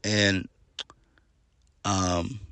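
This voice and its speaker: A man's voice: lowish voice, flat delivery, very slow, a bit bright, clear, resonant tone, dry recording, clean studio sound. A man giving a casual solo review of a wrestling show, blunt and exasperated, swearing freely and trailing off into fillers.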